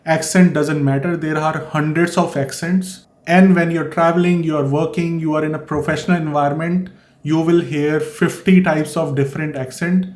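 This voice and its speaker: A man's voice: on the high side, steady tone, normal speed, darkish tone. A man from India with an Indian accent, giving earnest, explanatory advice in a vlog and repeating his key points. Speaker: vlogger. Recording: echoey room.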